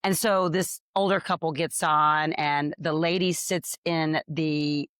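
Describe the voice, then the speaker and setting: A woman's voice: sits low, fairly even intonation, takes it slowly, fairly bright tone, clean tone, dry recording, clean studio sound. A woman co-hosting a podcast, telling a story with energy and acting out the other people's lines. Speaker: podcast co-host. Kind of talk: casual storytelling chat.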